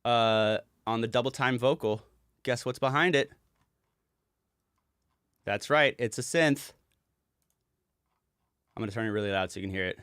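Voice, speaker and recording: A man's voice: medium pitch, normal speed, pauses often, a bit bright, smooth, no room sound, clean studio sound. A man casually walking through a song's production session as a music producer, chatty and rambling and swearing now and then.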